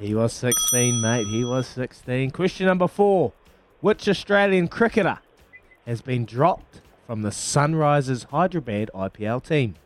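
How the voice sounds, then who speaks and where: A man with a New Zealand accent hosting a breakfast radio quiz, brisk and matey as he reads questions and counts down. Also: medium pitch, animated, soft background music. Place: radio studio. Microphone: studio microphone.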